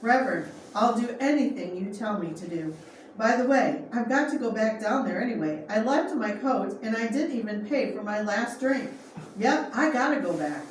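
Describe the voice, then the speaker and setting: A woman's voice: on the high side, expressive, moderate pace, natural voice. A woman voicing a sobering drunk man who is angry and patriotic, with blunt, worked-up talk. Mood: eager. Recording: echoey room, far from mic, faint noise.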